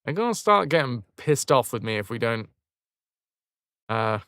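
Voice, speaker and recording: A man streaming a game live, chatting to his viewers and cursing at the screen when it goes badly. His voice bounces around in pitch, full of life, and sounds close and dry on the mic. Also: very animated, unhurried, fairly bright tone, clean tone, no room sound. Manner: chatty, talks to viewers, swears when frustrated. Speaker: livestream gamer. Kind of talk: casual live-stream commentary.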